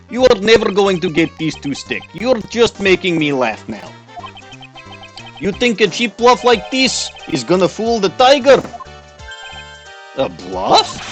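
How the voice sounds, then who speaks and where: A man voicing a loud, gloating Russian-accented male villain in a game playthrough, with faint music behind. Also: sits high, pitched above the performer's own voice. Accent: Russian (put on). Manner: loud, gloating, calls everyone comrade.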